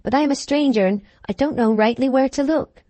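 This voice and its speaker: A woman's voice: high voice, fairly quick, dark tone, dry recording, voice pushed up, natural voice. A woman voicing a polite male groom in a storybook reading, speaking deferentially and apologetically.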